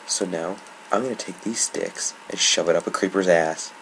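A man's voice: low-pitched, moderate pace, vocal fry, few pauses. Young man, gamer commentary, annoyed and rambling, noisy background hiss. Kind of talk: casual gameplay commentary. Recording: noisy home recording.

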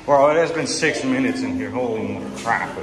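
A man giving excitable, rambling running commentary as he walks through a dim indoor attraction, filming on a handheld phone. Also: medium pitch, moderate pace. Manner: excitable, rambling, self-correcting. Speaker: vlogger touring an attraction.

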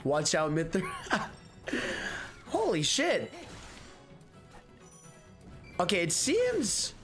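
A man streaming a video game, commenting excitedly, swearing freely and calling everyone "bro.". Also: sits high. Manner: excitable, profane, says "bro" constantly. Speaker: gaming streamer. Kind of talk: excited let's-play commentary.

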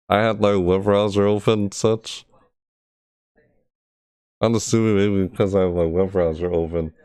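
A man's voice: deep voice, darkish tone, smooth, no room sound, studio quality. A man streaming from his computer, thinking aloud with frustration and talking to his chat, often repeating words as he tests things. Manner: repeats words over and over while testing. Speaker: gaming streamer. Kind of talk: casual live-stream commentary.

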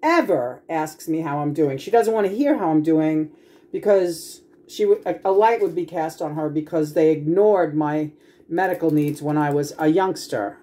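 A woman's voice: deep voice, normal speed, dark tone. A woman venting in a casual home video, frustrated and profane, rambling with many restarts. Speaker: vlogger.

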